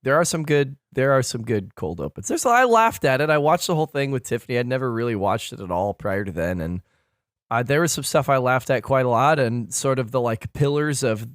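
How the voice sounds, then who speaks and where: A man's voice: medium pitch, expressive, a little fast, dry recording, clean studio sound. Blunt, swearing man ranting. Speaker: podcast co-host. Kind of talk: casual chat.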